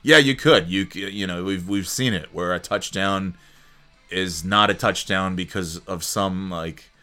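A sleepy, yawning man hosts a casual solo sports talk show, rambling and joking with lots of fillers and restarts as a sports podcast host. His voice is low-pitched and sharp in tone, with a measured pace, and soft music plays in the background.

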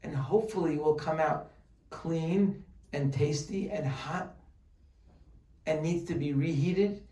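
A man giving a humorous religious lesson, animated and joking, full of rhetorical questions. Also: fairly high pitch, takes it slowly, slight background noise. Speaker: Torah teacher. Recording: roomy sound from a distant mic.

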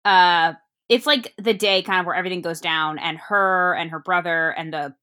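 A woman's voice: lowish voice, fairly even intonation, normal speed, pushed and bright. A young adult woman chatting casually about a movie, rambling and searching for words mid-sentence. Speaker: podcast co-host. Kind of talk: casual movie review chat.

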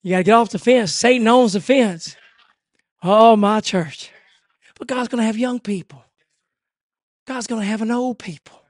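Male preacher, very high and bright. Revival sermon, dry close sound. Drops to a hush, then builds to shouts. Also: moderate pace, long pauses, dry recording. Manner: swings from hushed to shouting; rhythmic repetition, rising cadence. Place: church service.

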